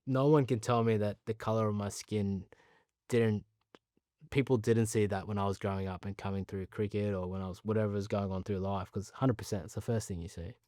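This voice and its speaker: A man in his thirties with an Australian accent, a guest telling relaxed stories with frequent laughs. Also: on the low side, a little fast, no room sound, clean studio sound. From Pakistan. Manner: relaxed anecdotes, laughs often, restarts. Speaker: interview guest, cricketer. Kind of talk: casual storytelling.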